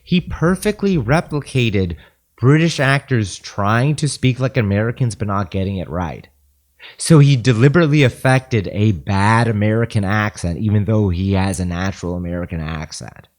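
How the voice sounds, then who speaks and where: A man's voice: lowish voice, expressive, normal speed. A man co-hosting a podcast, earnestly telling a long anecdote about a friend in casual chat. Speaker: podcast co-host.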